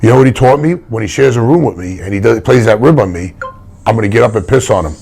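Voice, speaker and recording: A man's voice: on the low side, fast, vocal fry, darkish tone, husky. An older man, a retired wrestler telling stories in a casual interview, blunt and rambling with many restarts.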